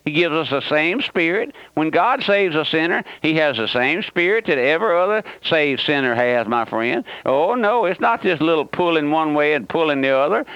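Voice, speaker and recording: A man's voice: on the high side, fairly bright tone, clear, resonant tone, dry recording. A man preaching a radio sermon as pastor, fervently and repeatedly questioning his listeners. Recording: dull lo-fi dry radio broadcast.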